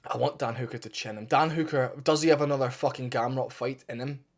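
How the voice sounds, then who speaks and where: A man's voice: medium pitch, fairly quick. A man giving a casual, opinionated fight breakdown, blunt and partisan, swearing freely and getting fired up. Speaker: MMA fight analyst.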